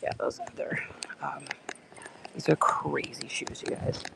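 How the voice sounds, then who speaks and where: A woman's voice: low-pitched, monotone, unhurried, vocal fry, fairly bright tone. A woman hosting a casual live stream from outdoor garage sales, chatty and often dropping into a whisper. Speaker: livestream host.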